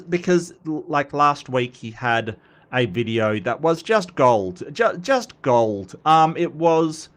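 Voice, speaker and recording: A man hosting a casual livestream commentary, rambling and joking, his voice a little rough from a cold. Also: fairly high pitch, fairly bright tone. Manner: rambling, joking, repeats himself and stumbles. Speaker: host of a commentary channel.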